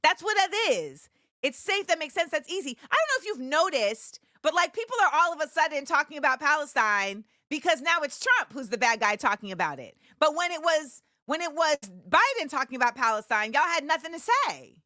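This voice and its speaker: A woman hosting a live show, chatting casually with viewers and shouting them out with bursts of excitement. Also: sits high, fairly quick, no echo, clean studio sound. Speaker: livestream show host.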